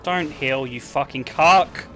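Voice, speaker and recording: Soft background music plays as a young English-accented man streams a game, taking his time in a fairly high, slightly bright voice. His casual commentary is crude, jokey, and full of swearing.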